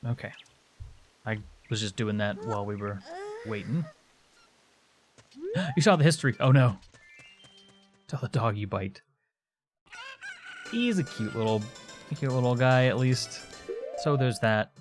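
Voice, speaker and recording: A man's voice: fairly low pitch, measured pace, long pauses. A man streaming a video game from home, rambling and chatting with viewers as he plays. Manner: rambling, chats with viewers while playing. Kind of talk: casual gameplay chat. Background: video game music.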